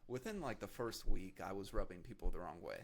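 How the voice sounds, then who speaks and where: A young man in his twenties, a podcast guest telling stories in a monotone, halting way with many fillers. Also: sits low, creaky. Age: 20s. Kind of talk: casual chat.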